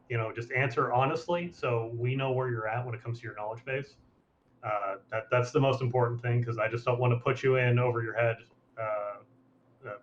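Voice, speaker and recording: A man's voice: medium pitch, natural voice. A man playing an interviewer in a role-play, talking in a rambling way full of fillers. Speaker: interviewer, legal official. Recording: slightly dull sound, faint noise.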